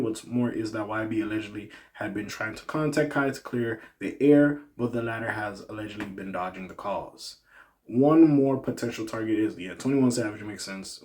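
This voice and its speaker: A man hosting a casual hip-hop news commentary, animated, swinging between loud outbursts and low muttered asides. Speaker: commentary channel host.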